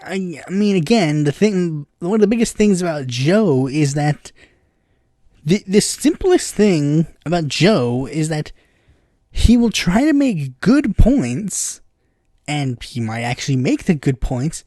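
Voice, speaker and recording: A man's voice: a little high, very animated, takes it slowly, warm tone, no room sound, studio quality. A man hosting a casual political commentary podcast, rambling with lots of fillers and bursts of exasperated impressions.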